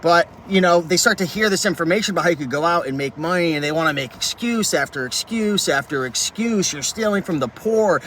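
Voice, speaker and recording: Inside a vehicle with faint traffic noise, a reselling YouTuber rants passionately to camera about reselling, fired up and saying "like" a lot. His voice is fairly high-pitched and a bit bright, with lively intonation, a fairly quick pace and hardly any pauses.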